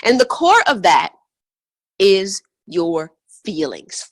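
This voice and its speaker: A woman's voice: medium pitch, lively intonation, measured pace, fairly bright tone, no room sound. A woman teaching as a money mindset coach on a call, emphatic and fond of repeating words for stress. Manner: emphatic, repetitive, chant-like stresses.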